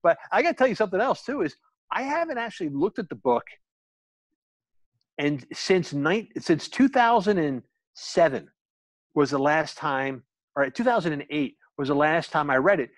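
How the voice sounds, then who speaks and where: A man's voice: a little high, sing-song, moderate pace, no room sound, rough recording. A man chatting candidly on a video call, telling rambling stories about writing and recording his book. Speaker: author and guest. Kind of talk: casual group chat.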